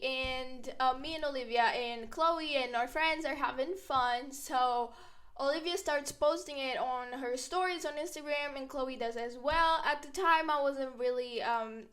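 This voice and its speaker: Young woman, high voice, brash and profane vlog storyteller. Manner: brash, profane, animated retelling with quoted voices. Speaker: storyteller vlogger. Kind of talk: casual story time.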